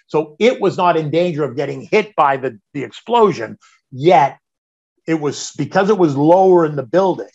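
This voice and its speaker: A middle-aged man, a podcast guest, telling a personal story in an animated way, swearing freely and getting loud when reliving moments of panic. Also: fairly high pitch, husky, lo-fi sound.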